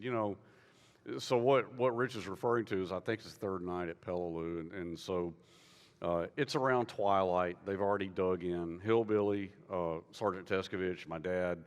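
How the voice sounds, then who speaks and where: Deep-voiced man telling a story. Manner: rambling, many fillers and restarts. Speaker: author. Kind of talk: conversational storytelling. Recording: long reverb of a hall.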